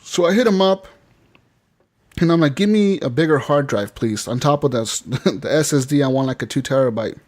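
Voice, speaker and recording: A man's voice: mid-range voice, moderate pace, darkish tone. A man hosting a podcast, telling a long rambling story in casual chat, swearing freely. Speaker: podcast host. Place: podcast studio.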